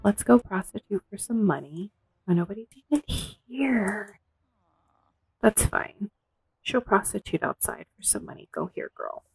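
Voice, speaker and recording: A woman commentating casually on her own gameplay, gasping and voicing the characters in quick asides. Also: mid-range voice, expressive, gravelly, darkish tone, breathy edge, no room sound, poor audio. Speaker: gameplay streamer. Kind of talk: casual let's-play commentary.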